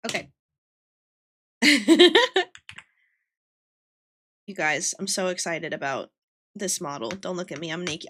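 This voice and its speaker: A woman's voice: medium pitch, slow pace, long pauses, background noise. A young woman streaming casually while she draws, chatting playfully with her viewers. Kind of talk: casual livestream chat while drawing.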